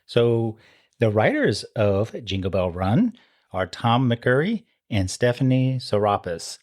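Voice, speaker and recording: A man's voice: mid-range voice, big pitch swings, slow pace, darkish tone. A man co-hosting a podcast in casual chat, easygoing and agreeable while reading credits. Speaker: podcast co-host.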